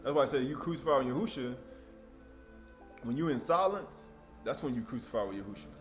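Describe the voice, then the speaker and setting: A man preaching in a casual, conversational style, voice at an ordinary middle pitch. His delivery is animated and breaks into sudden loud outbursts. Faint music plays behind him. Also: fairly quick. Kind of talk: sermon.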